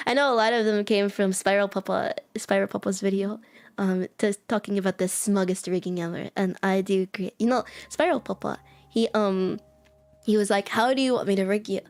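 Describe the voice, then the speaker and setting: A woman's voice: medium pitch, dry recording. Giggly chatty American woman streamer. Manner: giggly, chatty, says like a lot. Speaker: VTuber streamer. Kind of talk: casual chat with live chat.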